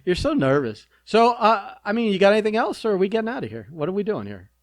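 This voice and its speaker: A man's voice: high voice, very animated, fast talker, no room sound, studio quality. A man co-hosting a podcast in casual banter. He teases his partner with a wry, profane edge. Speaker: podcast co-host.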